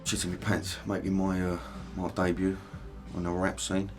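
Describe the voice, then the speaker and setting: A man's voice: low-pitched, monotone, moderate pace, loud music behind the voice. A man in his thirties with a Cockney accent, presenting on location, joking and swearing freely. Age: 30s. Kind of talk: on-location banter.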